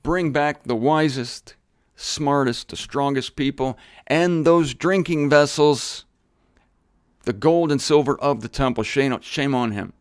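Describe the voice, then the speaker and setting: Speaking in a clean, mid-range voice, a man leads a casual Bible lesson on a studio camera setup, with no room sound. He mixes in jokes and rhetorical questions for his listeners and speeds up toward the finish.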